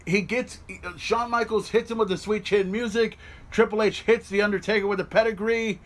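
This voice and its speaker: A man hosting a podcast, giving excited watch-along commentary on a replay, swearing freely and yelling at the big moments. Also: high-pitched, brisk. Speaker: podcast host. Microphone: podcast mic.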